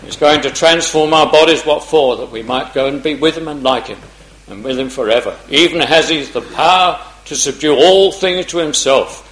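A man preaches a gospel sermon in a fairly high voice, rising to loud declarations and dropping to hushed pleading. He clears his throat often as he goes. His voice rings around an echoey hall. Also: normal speed.

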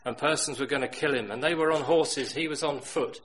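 A middle-aged man preaching a sermon, telling stories that swing from loud emphatic bursts to hushed quiet lines. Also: fairly high pitch, fairly quick, a little hiss or hum, low-quality recording.

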